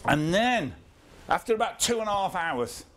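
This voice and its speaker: A man's voice: high voice, sing-song, moderate pace, a bit bright, slight background noise. A man in his fifties giving an informal talk to an audience, wry and self-deprecating, often chuckling as he tells his story. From England. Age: 50s. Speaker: guest speaker.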